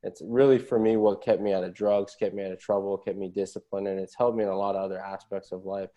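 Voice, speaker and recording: A man's voice: deep voice, flat delivery, fast talker, mellow. A man, a podcast guest, telling a story in an earnest, motivational way and ending many phrases with a questioning "right?". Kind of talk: casual storytelling.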